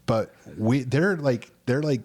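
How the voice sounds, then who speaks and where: A podcast co-host in his thirties speaks slowly in a mid-range, slightly mellow voice. He's telling a personal story in a casual chat, rambling but earnest.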